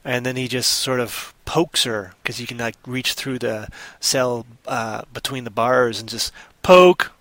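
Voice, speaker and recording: A playful man hosts a live stream, spinning a made-up story and teasing his co-host. His voice is bright and forceful, recorded bone-dry and close to the mic. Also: mid-range voice, measured pace, hardly any pauses, no room sound. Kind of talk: improvised storytelling and banter.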